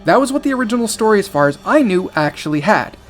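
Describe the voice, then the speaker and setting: A man's voice: high-pitched, sing-song, quick pace, faint music behind. A man commenting on a horror story as he reads it aloud, exasperated and sarcastic, swearing often.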